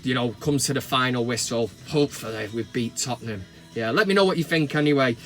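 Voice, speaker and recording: A middle-aged man from England with a Mancunian accent, ranting and joking to camera from his van, bursting into mock shouts. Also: mid-range voice, a little fast, faint music behind. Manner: swears and mock-shouts in outbursts. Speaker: vlogger. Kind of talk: casual comedic rant to camera. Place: parked van cab.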